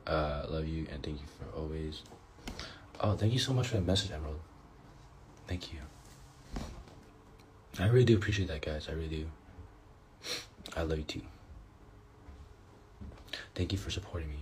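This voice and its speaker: A man's voice: very deep voice, moderate pace, pauses often, darkish tone, a little hiss or hum. A man hosting a casual livestream, reading out fan comments and thanking viewers, sounding tired and yawning. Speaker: livestream host.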